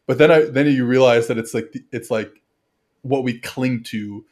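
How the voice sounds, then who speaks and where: A man from Montreal talks as a podcast guest in a medium-pitched voice. He rambles earnestly, often restarts his sentences, and fills them with "like" and "you know". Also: normal speed, darkish tone. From Montreal, Canada. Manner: rambling, filler-heavy, earnest. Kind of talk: casual podcast chat.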